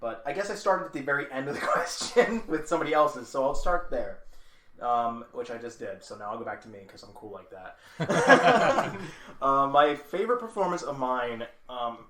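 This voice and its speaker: Male co-host, mid-pitched, animated and laughing, roomy echo. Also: moderate pace, crowd noise. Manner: animated storytelling, laughs often. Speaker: podcast co-host. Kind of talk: casual chat. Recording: echoey room with faint noise.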